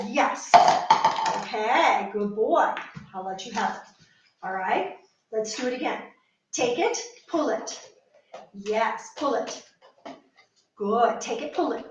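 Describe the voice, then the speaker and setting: Distant echoey woman coaxing her dog. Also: fairly high pitch. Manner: coaxing, repeating short praise and commands to a dog. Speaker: search and rescue dog handler. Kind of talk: training demonstration with running explanation. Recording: very echoey room, mic at a distance, faint noise.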